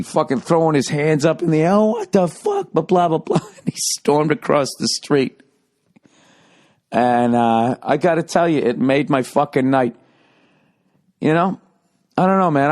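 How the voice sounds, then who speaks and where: Male podcast host, casual comic storytelling, profane, rambling, mid-pitched voice, lots of filler. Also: darkish tone. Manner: rambling, profane, conversational, lots of "you know". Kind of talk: casual comedic storytelling monologue.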